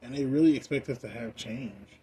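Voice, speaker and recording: Young American man, high, rambling profane rant, mid pitch, noisy track. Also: brisk, mellow. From United States. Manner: rambling, heavy on "like" fillers, profane. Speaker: vlogger. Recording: noisy background.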